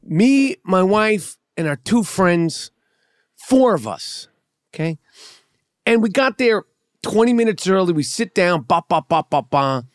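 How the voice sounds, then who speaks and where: Guy with a high bouncy voice, cussing and teasing on a podcast, dry sound. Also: slow pace, pauses often, no room sound. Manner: animated storyteller, profane, teasing. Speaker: podcast host. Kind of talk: casual podcast banter.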